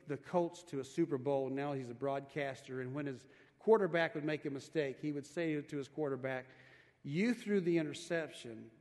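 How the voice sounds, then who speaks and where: A man delivers a sermon as pastor, his voice sitting a little high and carrying with a long reverb through the church hall. He talks plainly to the congregation, often doubling back on a word before finishing his thought. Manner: leads the congregation through a quiet breath prayer, repeating words as he restarts.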